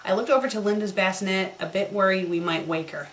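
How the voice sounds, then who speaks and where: A woman's voice: mid-range voice, fast talker, hardly any pauses, slight background noise, rough recording. A woman doing a comedic dramatic reading of a bad fan story, breaking off for sarcastic, mocking remarks. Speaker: fanfiction critic.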